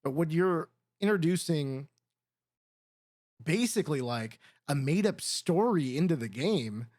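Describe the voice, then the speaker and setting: Higher-voiced man musing on a podcast. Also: expressive, measured pace, darkish tone, no echo, clean studio sound. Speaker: podcast co-host. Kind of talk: casual podcast chat.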